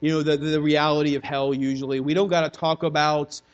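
High-voiced man preaching conversationally. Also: flat delivery, brisk, dull audio. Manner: conversational preaching, acts out kids' and congregants' voices. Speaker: pastor. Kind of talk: sermon.

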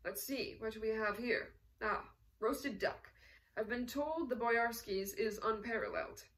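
A woman's voice: a little high, big pitch swings, measured pace, a bit bright, recorded from a distance. A woman voicing a genial probing colonel. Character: suave middle-aged male colonel, probing host.

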